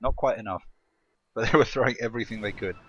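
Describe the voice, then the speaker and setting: A man's voice: fairly low pitch, fast talker, fairly bright tone, lo-fi sound, a little hiss or hum. A man with an English accent doing casual, joking co-commentary on an esports match. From England. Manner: chatty and joking.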